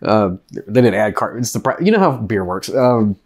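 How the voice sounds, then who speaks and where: A man's voice: lowish voice, sing-song, moderate pace. A man vlogging a drink review to camera in a loose, rambling way, joking and laughing often, still reeling from a very hot chip. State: after eating a very hot chip. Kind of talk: casual chat to camera. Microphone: desk mic.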